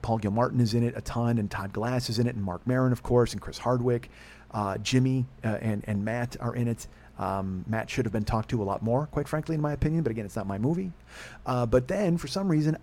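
A man's voice: mid-range voice, mellow. A man hosting a podcast, telling a rambling, profane, self-deprecating story in casual chat. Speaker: podcast host.

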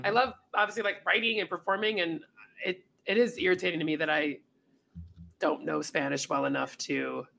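A woman's voice: on the low side, brisk, vocal fry, slight background noise. A woman in her forties, a comedian guest on a podcast, telling stories and acting out quoted lines in casual chat. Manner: animated storyteller, acts out quotes.

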